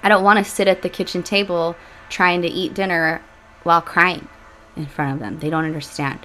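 A woman in her thirties hosting a personal podcast, talking candidly and emotionally with sighs and soft laughs. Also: fairly low pitch, flat delivery, normal speed, slight background noise. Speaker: podcast host. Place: home room with leaf blower outside.

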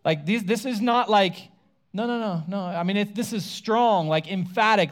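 Conversational preacher with a slightly high voice. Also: male voice, normal speed. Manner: casual conversational preaching, acts out quoted lines. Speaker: pastor. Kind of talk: sermon.

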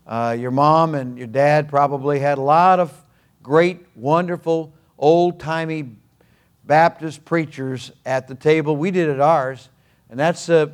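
An older male pastor delivers a sermon in a folksy, earnest manner. He drops humorous asides between points. His voice sits slightly high for a man.

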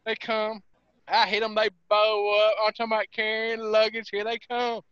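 A man, telling a hunting story as a podcast guest on a call from his truck, animated and drawling. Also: high voice, moderate pace, smooth, no room sound. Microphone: phone or laptop call over weak internet. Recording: dull lo-fi internet call audio.

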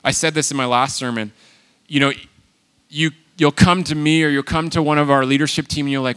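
A man preaching a sermon, animated and emphatic, swinging between loud exhortation and quiet asides. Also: on the high side, brisk, clear, resonant tone. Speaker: pastor.

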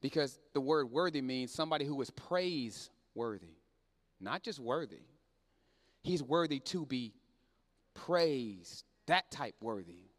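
A man preaching a sermon in church, dropping low and quiet then building up loud and fervent. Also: in a large hall. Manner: swings from low and quiet to loud and shouting, plain Southern-leaning speech.

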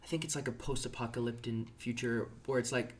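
A man's voice: mid-range voice, steady tone, quick pace. A young man co-hosting a casual podcast chat, joking and laughing often. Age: young adult. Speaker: podcast co-host.

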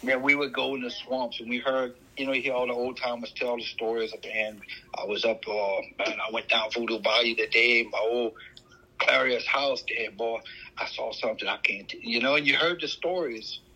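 A middle-aged man from Louisiana with a Louisiana accent, co-hosting a podcast and telling stories in a folksy, animated way. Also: mid-range voice, slightly rough, poor audio. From Louisiana, USA. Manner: animated, folksy storyteller with drawn-out emphasis. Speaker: podcast co-host. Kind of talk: casual chat, storytelling.

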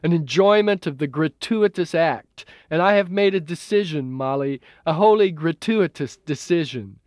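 A man's voice: on the high side, normal speed, darkish tone, dry recording, studio quality, pitched above the performer's own voice, lightly acted. A man voicing a smug, perverse young male illusionist who talks in a gloating, theatrical way.

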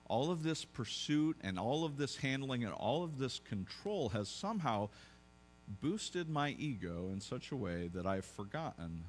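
A pastor preaching a sermon, telling a story conversationally with joking asides and frequent restarts. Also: male voice, medium pitch, fairly bright tone.

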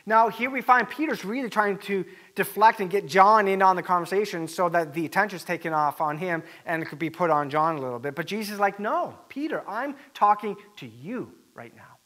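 A man preaching a sermon as pastor, animated and acting out the quoted voices with rising emphasis. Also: high voice, fairly quick, few pauses.

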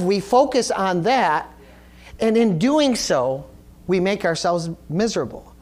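A man preaching a sermon as pastor, retelling a story loosely with many fillers and restarts, then rising higher and louder as he drives his point home. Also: expressive, a little slow.

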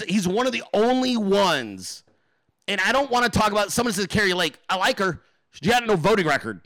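High, bright-voiced man ranting profanely. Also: dry recording. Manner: emphatic, profane, rambling, addresses viewers and chat directly. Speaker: political livestream host. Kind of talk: casual profane political rant.

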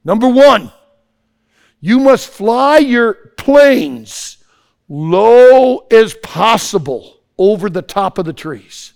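A man acting out a stern warrior chief who speaks in slow, loud, solemn declarations. The voice is gravelly and rises high when he makes his demands. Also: lively intonation, heavily acted.

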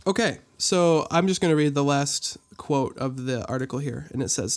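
A man co-hosting a casual podcast talks in a slightly higher voice than most men. He rambles and jokes as he reads through a news story. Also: moderate pace, few pauses. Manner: rambling, playful, laughs often. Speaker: podcast co-host. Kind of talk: casual chat, reading a news article.

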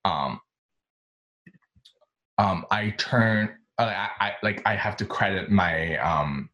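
A man in his thirties from China, telling his life story in a casual interview, talking in an animated, chatty way with lots of fillers. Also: low voice, slow pace, rough recording. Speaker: interview guest, designer.

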